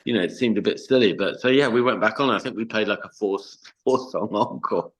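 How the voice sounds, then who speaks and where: Male podcast guest, very low pitch, loose rambling storyteller who swears casually. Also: a little fast, low-quality recording. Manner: chatty, swears freely, many fillers. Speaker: podcast guest, band frontman.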